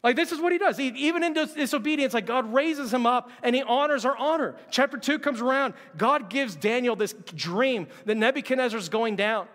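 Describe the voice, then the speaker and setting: A man with a high voice delivers a sermon in a relaxed, conversational way and acts out the quotes he reads. The long reverb marks a large hall. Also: brisk, hardly any pauses. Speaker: pastor.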